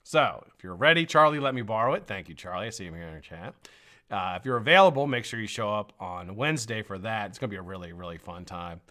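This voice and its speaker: A man hosts a live stream, greeting his viewers by name in a bright, forceful voice. His pitch jumps up and down a lot as he talks. He has a frog in his throat. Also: fast talker. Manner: energetic, greets viewers one by one. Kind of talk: casual live-stream chat.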